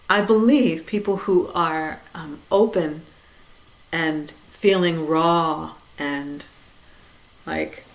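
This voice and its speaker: A woman with a slightly low voice gives a reflective dharma talk. She speaks conversationally and gently, often saying "you know" and letting her phrases fall quiet. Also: fairly even intonation, slow, low-quality recording. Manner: conversational, frequent "you know", soft laughs.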